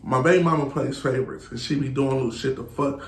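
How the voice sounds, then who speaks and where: Talking fast in a mid-range voice, this man in his thirties appears as a podcast guest, swearing freely and quoting others while he recounts blunt anecdotes. Faint hiss and room echo color the recording.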